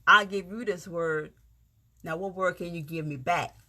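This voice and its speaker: A woman's voice: lowish voice, steady tone, moderate pace, bright, forceful tone. A woman with a Gullah Geechee accent from South Carolina, giving a heartfelt, folksy pep talk straight to her viewers. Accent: Gullah Geechee, South Carolina Lowcountry. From South Carolina, USA. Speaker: vlogger, motivational speaker. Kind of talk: casual encouraging monologue.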